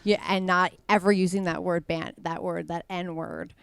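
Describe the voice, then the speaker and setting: A woman's voice: lowish voice, level tone, normal speed, vocal fry, clean tone, no echo. A woman guest on a podcast, a comedian who talks in an emphatic pep-talk style and repeats phrases for effect. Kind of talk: casual podcast chat.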